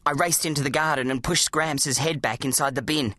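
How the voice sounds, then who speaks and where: An audiobook narrator, telling a children's adventure story in an animated, dramatic way. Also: mid-range voice, fairly quick, dry recording. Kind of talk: scripted narration of a children's book.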